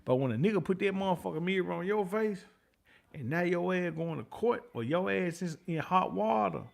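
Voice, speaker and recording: Gravelly, high-pitched and expressive, this middle-aged Memphis man with a Southern accent runs a livestream at a moderate pace. He rambles, reads viewer comments aloud, says things more than once and swears freely.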